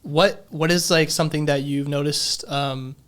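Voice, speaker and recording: A young adult podcast host who asks loose, rambling questions and fills pauses with "um" and "like.". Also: medium pitch, steady tone, a bit bright. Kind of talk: casual interview chat.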